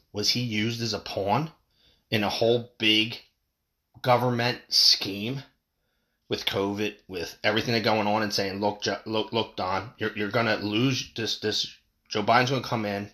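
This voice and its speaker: A man giving a profane, angry political rant, with big swings in pitch when he stresses a point. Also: bright, forceful tone. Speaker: political commentator.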